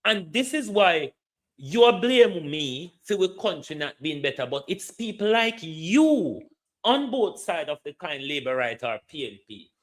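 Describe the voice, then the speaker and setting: A man's voice: a little high, big pitch swings, a little slow. A man with a Jamaican accent hosting political commentary, lecturing and firing pointed questions at his listeners.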